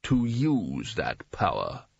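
A man reading aloud, voicing a sly, smooth older wizard who speaks in a dry, unhurried, quietly mocking way. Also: low-pitched, huge pitch swings, no echo, dull audio, pitched below the performer's own voice, full character voice.

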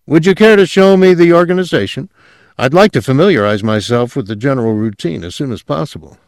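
A man's voice: medium pitch, lively intonation, moderate pace, dry recording, clean studio sound, close to an everyday voice. A man voicing an ambitious young male official who speaks breezily and agreeably. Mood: breezy. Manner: breezy, eager, smoothly agreeable.

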